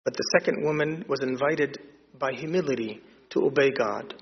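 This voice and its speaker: A man preaching a sermon, retelling scripture and acting out the dialogue in an animated storytelling way. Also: mid-range voice, normal speed, slight background noise. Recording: dull lo-fi sound with long hall reverb.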